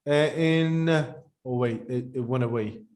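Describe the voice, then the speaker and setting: A man co-hosting a podcast in casual, rambling chat, animated and talking while eating. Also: medium pitch, a little slow. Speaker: podcast co-host.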